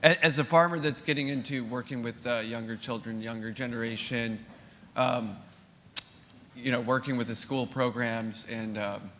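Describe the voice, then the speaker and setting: Hesitant male audience member, farmer, halting delivery, reverberant hall. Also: medium pitch, fairly even intonation, a bit bright. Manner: hesitant, many ums and restarts. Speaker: farmer asking a question from the audience. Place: conference hall. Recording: reverberant hall with faint room noise.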